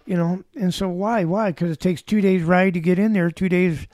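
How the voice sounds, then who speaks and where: High-voiced man in his seventies, mellow. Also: fairly even intonation, normal speed, dry recording. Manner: rambling anecdotes with dry humor. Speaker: guest, former backcountry ranger. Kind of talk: casual storytelling.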